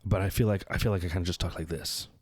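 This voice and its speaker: A low-pitched man co-hosting a casual podcast chat, lively and storytelling, acting out little quotes. His voice sounds dry and close to the mic. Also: very fast, breathy edge, no room sound. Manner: animated storyteller, acts out quotes. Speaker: podcast co-host.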